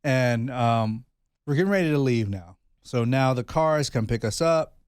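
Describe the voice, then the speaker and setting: A man in his thirties chats on his podcast and tells a family story with animated energy, playing out the other voices as he goes. The sound is close and dry. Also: mid-range voice, normal speed, clean tone, dry recording. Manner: animated storyteller, acts out quotes. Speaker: podcast co-host. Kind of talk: casual chat.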